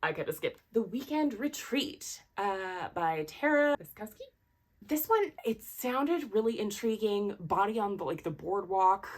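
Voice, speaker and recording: A woman's voice: mid-range voice, animated, unhurried. A woman host chatting through a casual book review, rambling with lots of "like" and "you know" and apologizing for herself along the way. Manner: self-deprecating and apologetic asides. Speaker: book vlogger.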